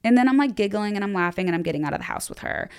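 A woman's voice: medium pitch, expressive, racing, darkish tone, clean tone. A young woman hosting a podcast, giving casual advice in a candid, self-deprecating way with lots of "like". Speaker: podcast host.

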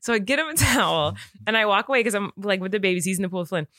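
Bright, laughing young woman co-host. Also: medium pitch, very fast, no room sound, studio quality. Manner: laughs often while telling a story, animated. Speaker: podcast co-host. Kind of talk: casual storytelling chat. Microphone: studio microphone.

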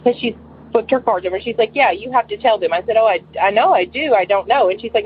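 On a call-in show, a woman in her forties tells a personal story in a fast, fairly high voice with a breathy edge. She rambles emotionally and uses lots of fillers, and the phone line sounds tinny with a faint hiss.

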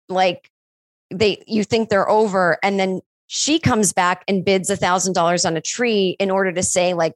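A woman chatting casually on a podcast about her own screenplay. She tells it like a story, leaping up in pitch to act out what people said. The sound is dry and close. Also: no echo. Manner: animated storyteller who acts out dialogue with big pitch jumps. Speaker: screenwriter discussing her film.

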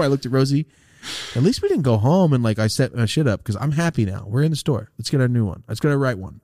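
Man, casual podcast host, profane storyteller, animated, middle pitch, dry sound. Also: fast talker, dry recording. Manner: profane, rambling, animated retelling with acted-out quotes.

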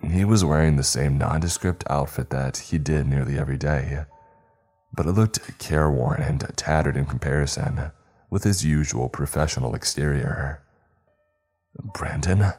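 A man reading a horror story aloud in a measured, steady narration. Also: rumbling low.

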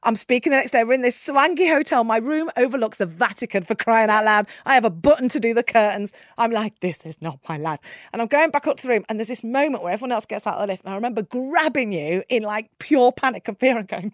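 A woman, a podcast guest telling candid stories in a lively way, laughing often and acting out the voices she quotes. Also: on the high side, fairly quick, dry recording, clean studio sound. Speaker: podcast guest, keynote speaker. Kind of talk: candid conversational storytelling.

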